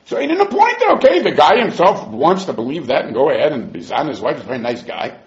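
Man, Talmud lecture, animated, high-pitched, echoey dull room sound. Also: quick pace. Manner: animated, argues both sides in quoted voices. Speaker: Talmud teacher.

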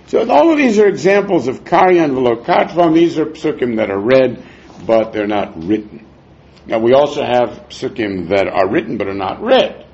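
A man teaching a Talmud class, explaining verses in a lively way with frequent chuckles, on a dull lo-fi recording. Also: mid-range voice, normal speed.

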